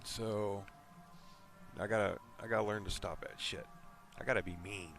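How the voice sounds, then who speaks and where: A man's voice: on the low side, steady tone, normal speed, creaky, fairly bright tone, faint music behind. A man chatting casually with his live viewers, rambling and teasing. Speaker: live streamer.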